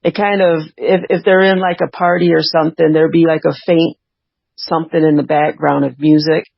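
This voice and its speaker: A woman's voice: low voice, little pitch movement, a little fast, gravelly, no echo. A woman co-host chatting casually in a conversational, thoughtful way. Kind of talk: casual chat. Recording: dull lo-fi dry recording.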